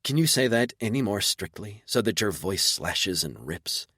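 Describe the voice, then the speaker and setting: A man's voice: on the low side, sing-song, moderate pace, fairly bright tone, breathy edge, no room sound, clean studio sound, exaggerated voice. A man voicing a haughty spider-woman noble in an audiobook, tense and curt. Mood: cool.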